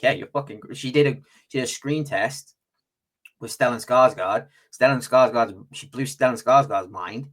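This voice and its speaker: A man's voice: mid-range voice, normal speed, fairly bright tone. A man with a British accent, co-hosting a podcast in casual chat, rambling with lots of fillers and the odd swear. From Britain. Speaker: podcast co-host.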